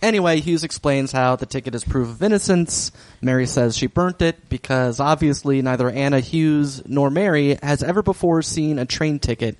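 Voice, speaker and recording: A man co-hosts a casual TV recap podcast, agreeing and tossing in deadpan jokes. His voice sits in an ordinary middle range, recorded close and completely dry. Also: mid-range voice, normal speed, hardly any pauses, no room sound. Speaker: podcast co-host.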